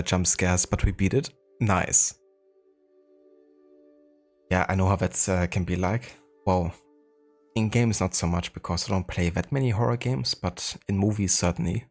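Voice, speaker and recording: A German-accented man hosting a live game stream, his voice sitting very low and deep. He talks in a relaxed, easygoing way, greeting viewers and thinking aloud with plenty of small fillers. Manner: laid-back, chatty, greets viewers, frequent fillers. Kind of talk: casual live-stream chat.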